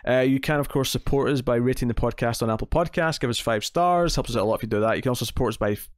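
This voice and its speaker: A man's voice: medium pitch, very fast, no echo, studio quality. A man hosting a casual comics TV podcast, rambling and correcting himself, often laughing. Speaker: podcast host.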